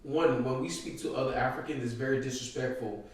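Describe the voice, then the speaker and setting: A man from Nigeria talking loudly and animatedly in a casual podcast chat, heard a bit off-mic. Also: mid-range voice, brisk, far from the mic. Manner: loud, animated, laughing storyteller. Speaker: podcast co-host. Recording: roomy echo, voice a bit off-mic.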